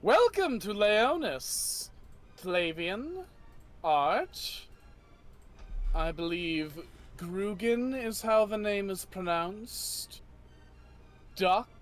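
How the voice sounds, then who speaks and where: Brief: smug scheming knight, a man doing the voice, raised pitch, unhurried. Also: very animated, faint music behind, exaggerated voice. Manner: smug, polished and courtly. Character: smug scheming male dragon slayer knight.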